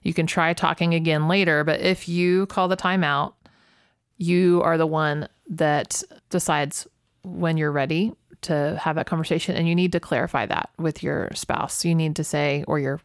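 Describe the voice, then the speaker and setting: A woman co-teaching a communication method on a podcast, calm and affirming, often agreeing with her co-host. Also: sits low, moderate pace, clean tone, dry recording, clean studio sound. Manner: calm, affirming, many mm-hmms.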